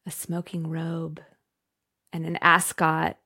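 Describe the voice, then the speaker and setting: Low gravelly woman co-hosting a podcast. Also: completely flat delivery, slow, sharp tone. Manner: enthusiastic, reads listener questions aloud. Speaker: podcast co-host. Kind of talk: casual podcast chat.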